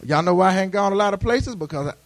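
Male pastor, high voice, chatty call-and-response sermon with many restarts. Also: animated, rapid-fire.

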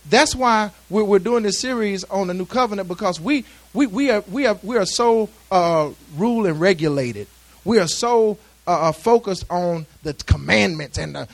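A male pastor, preaching a sermon in a conversational way with repeated restarts and calls for amens. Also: sits high. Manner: conversational preaching with many restarts and call-and-response.

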